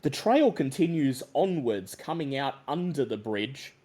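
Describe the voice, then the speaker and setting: A man narrating a tabletop horror game as game master, in a slow, deliberate, suspenseful manner. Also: mid-range voice, lively intonation, mellow.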